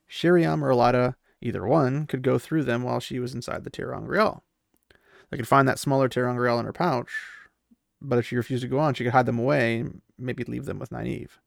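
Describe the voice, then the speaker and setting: A man's voice: medium pitch, creaky, dry recording, studio quality. A man casually recapping a fantasy novel, chatty and opinionated, acting out characters' lines as he goes. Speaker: book recap commentator.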